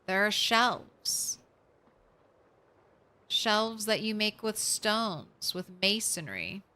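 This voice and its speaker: A woman's voice: medium pitch, lively intonation, extremely slow, bright, forceful tone. A woman streamer giving casual, chatty commentary while playing a game, talking to herself and to the game late at night.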